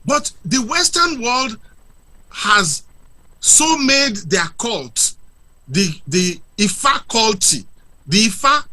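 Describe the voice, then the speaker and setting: Male guest, very bright and high, swooping pitch, lectures with rhetorical questions. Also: very animated, slow pace. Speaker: guest speaker. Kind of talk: impassioned argument on a talk show.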